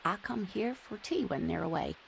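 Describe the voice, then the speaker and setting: An actress voicing a chatty, kindly older married woman in a video game, speaking gently and teasing a little. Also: medium pitch, lively intonation, normal speed, a crowd in the background. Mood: gentle. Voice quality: gravelly, creaky.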